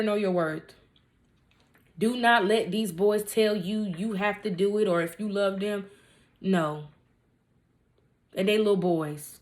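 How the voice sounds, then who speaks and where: A young woman in her twenties, a vlogger, answers viewer questions in a casual storytime Q&A, speaking straight to her audience in a mid-range voice. She is candid and blunt, pressing her points hard and tossing in joking asides between questions.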